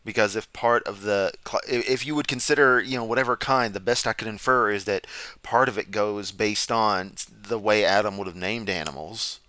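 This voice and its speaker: A man's voice: lowish voice, moderate pace, sharp tone, clean tone, dry recording. A man giving sarcastic, rambling reaction commentary from a chair at home. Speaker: commentary streamer. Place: home room, seated.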